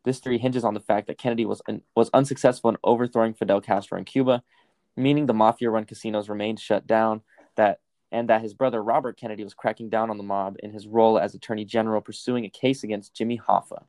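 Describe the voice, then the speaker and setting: A man's voice: lowish voice, fairly even intonation, quick pace, darkish tone, dry recording. A young man co-hosting a casual podcast, reading facts aloud and rambling into stories, with lots of swearing. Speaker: podcast co-host.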